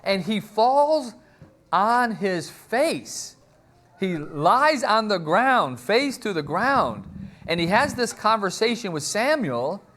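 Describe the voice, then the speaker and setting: A man preaches a sermon, retelling a story conversationally and acting out the quotes. His voice sits high with big pitch swings, a slow pace, and a fairly bright tone.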